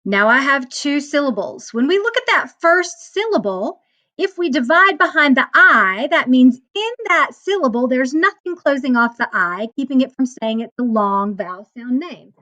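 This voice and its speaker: A woman teacher recording a self-paced phonics lesson, explaining syllable division step by step and sounding out words slowly and patiently. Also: high voice, lively intonation, sharp tone.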